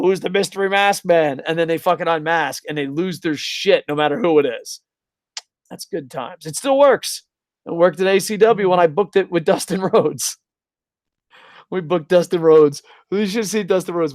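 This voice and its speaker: A man from New Jersey co-hosting a casual podcast, with a somewhat high voice. He talks in a profane, excitable way and bursts into loud announcer impressions. The sound is dry and close. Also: no room sound. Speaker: co-host.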